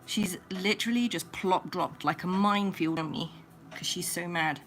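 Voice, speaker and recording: A woman livestreaming as she grooms her pet rabbit at home, talking in soft cooing baby talk and sometimes dropping to a whisper. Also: on the low side, moderate pace, soft background music.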